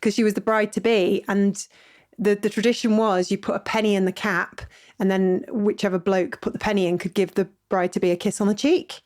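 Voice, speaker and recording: A woman's voice: mid-range voice, little pitch movement, brisk, darkish tone. A woman hosting a podcast, chatting in a bubbly, teasing way and laughing often. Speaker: podcast host. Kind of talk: casual podcast chat.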